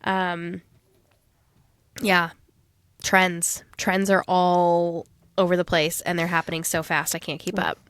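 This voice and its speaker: A woman in her thirties, a podcast co-host in casual chat, talking in an animated way and often trailing off mid-sentence. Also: lowish voice, slow pace, pauses often, clean tone, no echo.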